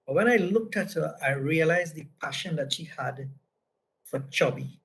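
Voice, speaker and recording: A man's voice: a little high, lively intonation, moderate pace, fairly bright tone, poor audio. A man from Trinidad with a Trinidadian accent, presenting a business lesson through casual anecdotes and tagging his points with "right?". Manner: conversational, frequent "right?" tags.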